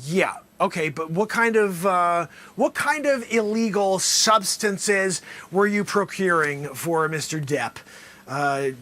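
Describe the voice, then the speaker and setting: A man hosting an improvised comedy sketch as a courtroom lawyer, theatrical and bursting into loud exclamations. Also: high voice, lively intonation, slow pace. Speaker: host playing a courtroom lawyer.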